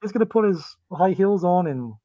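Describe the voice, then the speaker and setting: A co-host in their thirties, joking and teasing in relaxed casual chat on a live stream. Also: medium pitch, fairly quick, no echo. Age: 30s. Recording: dry, dull, lo-fi stream audio.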